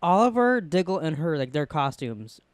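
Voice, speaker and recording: Young guy rambling excitedly about a tv show, smooth clear voice, dry close sound. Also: fairly high pitch, normal speed, dry recording. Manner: excited, rambling with many "like"s and restarts. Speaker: podcast co-host. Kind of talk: casual TV review chat.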